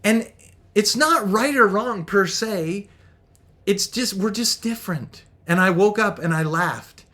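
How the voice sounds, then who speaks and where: A middle-aged man giving an energetic, upbeat Christian marriage talk. He laughs often and acts out the voices of the people he quotes. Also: high-pitched, unhurried. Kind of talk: motivational talk.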